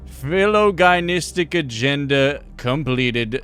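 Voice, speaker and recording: A man's voice: mid-range voice, expressive, moderate pace, soft background music. A man streaming a game, reading its text aloud with playful, jokey asides.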